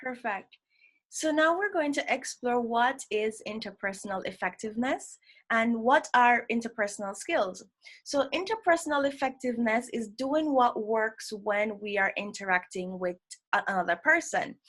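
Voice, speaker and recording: A woman's voice: a little high, lively intonation, moderate pace, a bit bright. A woman presenting an educational session, explaining ideas step by step and checking in with "right?". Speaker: workshop presenter.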